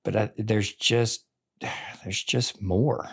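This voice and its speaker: Man in his forties, lowish voice, earnest, rambling, casual chat. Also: steady tone, slow, vocal fry, slightly rough. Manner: earnest, rambling, full of "like" and "I mean". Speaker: teacher and podcast guest. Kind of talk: casual conversation.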